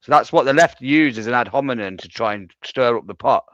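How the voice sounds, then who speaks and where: A man's voice: mid-range voice, a little fast, fairly bright tone, dry recording. A man co-hosting a casual late-night live stream chat, laid-back, swearing, and greeting viewers. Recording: dull lo-fi mic.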